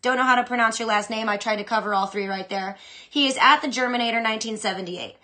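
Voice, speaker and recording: A young adult woman hosting a fantasy football show, chatting casually and with strong opinions as she answers listener questions. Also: fairly high pitch. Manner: chatty, opinionated, animated, with quick asides. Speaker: fantasy football podcast host.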